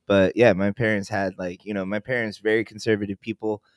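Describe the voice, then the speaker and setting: A man's voice: lowish voice, flat delivery, fairly quick, smooth, dry recording, clean studio sound. A man co-hosting a casual chat show, joking and laid-back, often restarting his sentences. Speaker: podcast co-host.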